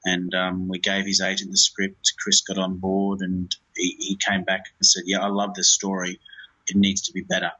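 Husky low-voiced man, rambling. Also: monotone, moderate pace, sharp tone, dull audio. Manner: rambling, many fillers and restarts. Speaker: film director. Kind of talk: interview.

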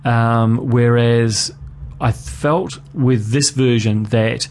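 A man's voice: medium pitch, fairly even intonation, drawn-out words, a little mellow, slight background noise. A man hosting a radio film show, chatting casually about movies and interviewing a guest, with a hesitant, self-deprecating manner.

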